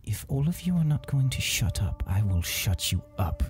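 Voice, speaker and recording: A man voicing a menacing woman who threatens a quarrelling group in a tabletop game, speaking in a hushed voice. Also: rumbling low, sing-song, normal speed, faint music behind.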